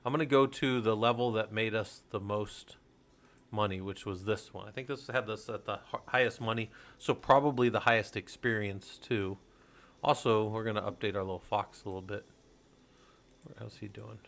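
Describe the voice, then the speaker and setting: A middle-aged man streaming in relaxed, rambling chat, swearing freely as he talks to viewers. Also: fairly low pitch, moderate pace. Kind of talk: casual livestream chat.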